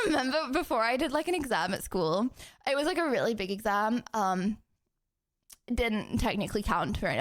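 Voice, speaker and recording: A young woman with a southern English accent chats to her stream in a high, bouncy voice. She rambles, giggles and fills her talk with "like" and "um". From England. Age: young adult. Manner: animated, giggly, rambling with many fillers. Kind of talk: casual live-stream chat.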